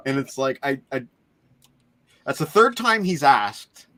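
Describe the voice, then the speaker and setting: A man's voice: mid-range voice, very animated, a little slow, pushed and bright. A man hosting a casual chat over a video call, upbeat and joking. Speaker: host.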